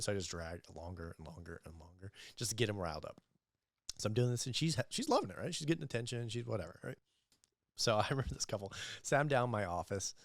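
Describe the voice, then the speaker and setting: A young man telling animated, profane sales stories as a guest in a casual podcast interview, acting out the people he quotes. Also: on the low side, no echo, studio quality. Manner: animated, profane storyteller who acts out quoted voices. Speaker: entrepreneur guest.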